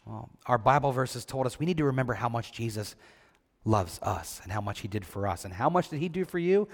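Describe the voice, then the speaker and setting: A man gives a children's sermon in a reverberant church hall, where long echoes trail after each phrase. His voice sits at an ordinary middle pitch. He asks the kids questions, answers with a soft "mm-mm," and lingers on the points he wants them to remember. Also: expressive. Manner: slow and deliberate on key points. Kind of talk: scripture reading and children's sermon.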